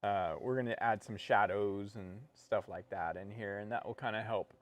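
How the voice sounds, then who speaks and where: Relaxed man teaching painting. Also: lowish voice, moderate pace, dry recording. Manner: relaxed, joking, talks through each step. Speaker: painting instructor and co-host. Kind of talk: casual painting tutorial.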